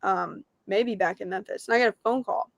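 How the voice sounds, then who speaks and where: A young woman, a podcast guest telling a story with lively, laughing energy. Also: medium pitch, fairly quick, gravelly, no echo. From Tennessee. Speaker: podcast guest, disc golf pro. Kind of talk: casual storytelling interview.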